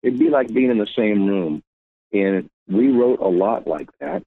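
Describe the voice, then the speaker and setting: A man's voice: fairly low pitch, expressive, measured pace, no echo. A man, a musician being interviewed, telling long stories and acting out what others said. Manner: rambling anecdotal, acts out quotes. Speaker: musician guest. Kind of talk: interview storytelling. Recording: tinny phone line.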